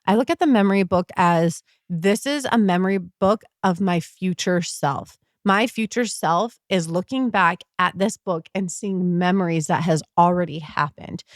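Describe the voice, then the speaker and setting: A woman in her thirties talks through a casual motivational podcast monologue, earnest and enthusiastic. Her voice sits a little low for a woman. The sound is dry and close, with no room around it. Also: normal speed, hardly any pauses, no echo. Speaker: podcast host.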